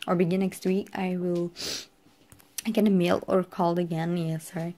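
A woman's voice: fairly low pitch, little pitch movement, normal speed, warm tone. A woman vlogging casually, chatty and full of fillers. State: teary and emotional. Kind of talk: casual vlog chat.

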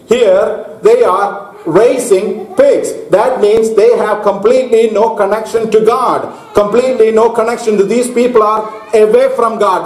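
A man preaching a sermon to a congregation, slow and deliberate, stopping to ask his listeners questions. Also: very high-pitched, darkish tone. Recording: echoey hall.

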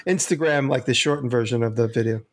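Quick-talking man guesting on a podcast. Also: medium pitch. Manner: quick, eager, laughing questions. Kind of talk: casual chat.

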